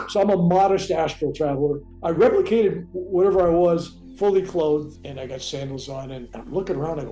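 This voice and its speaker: A man's voice: a little high, fairly quick, few pauses. A man, the guest of an interview, telling a personal story in a casual, rambling way and acting out the dialogue. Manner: animated, rambling, acts out quoted dialogue. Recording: roomy sound with faint music.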